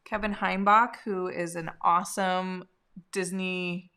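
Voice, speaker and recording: A woman's voice: lowish voice, steady tone, takes it slowly, bright, forceful tone, clear, resonant tone. A woman co-hosting a casual livestream chat, talking in an enthusiastic, filler-heavy way. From California. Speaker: co-host.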